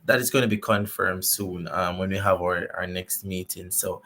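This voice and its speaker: A man with a Jamaican accent, chatting as a guest in an interview, animated and laughing often. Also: sits low, moderate pace. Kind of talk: casual interview chat.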